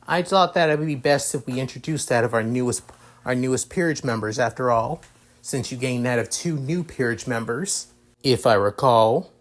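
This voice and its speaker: A man voicing a composed young student council president who speaks in a formal, measured way, in a fan storybook reading. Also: medium pitch, lightly acted.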